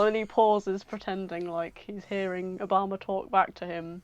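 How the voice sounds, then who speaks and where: A woman co-hosting a podcast, casually retelling a fan fiction in an animated, giggly way and acting out the voices. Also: medium pitch, moderate pace, no echo. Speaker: podcast co-host. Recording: dull lo-fi home recording.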